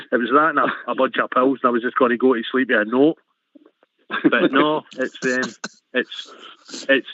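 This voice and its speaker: Rowdy older Scottish caller, phone line. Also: male voice, medium pitch, no echo. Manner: rambling, boisterous, darkly joking. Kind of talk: casual football phone-in chat.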